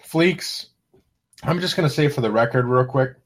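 A man's voice: mid-range voice, moderate pace. A man co-hosting a podcast in casual chat, playful and teasing. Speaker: podcast co-host.

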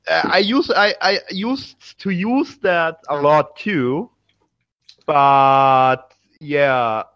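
A German-accented man in a casual podcast chat. He speaks slowly and haltingly, restarting his sentences, in a fairly high voice. The sound is dry and close. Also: a bit bright, clean tone, no echo. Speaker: podcast co-host.

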